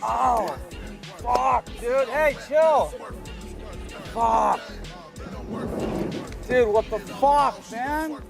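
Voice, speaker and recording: A man acting out an injured young man yelling in pain and anger, with strained, drawn-out cries. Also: extremely high pitch, vocal fry, breathy edge, soft background music, voice pushed up, full character voice.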